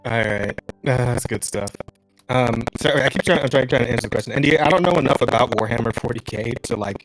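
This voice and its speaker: A man's voice: mid-range voice, quick pace, no room sound, soft background music. A man hosting a casual podcast chat who rambles with many fillers, swears and laughs often. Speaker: podcast host.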